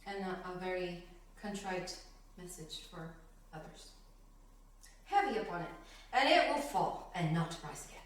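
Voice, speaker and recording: A woman's voice: fairly low pitch, unhurried, long pauses. A woman leading a conversational Bible study, reading verses and laughing between them as she explains. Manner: animated, laughs between scripture lines. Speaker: Bible teacher. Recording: echoey room, distant mic.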